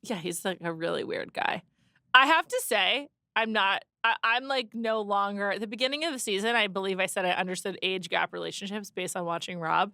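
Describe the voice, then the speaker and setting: A young adult woman co-hosting a casual podcast, giving lively opinions in a chatty way. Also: mid-range voice, a little fast, dry recording, studio quality. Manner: lively, opinionated, frequent "like" and restarts. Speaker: podcast co-host. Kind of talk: casual chat.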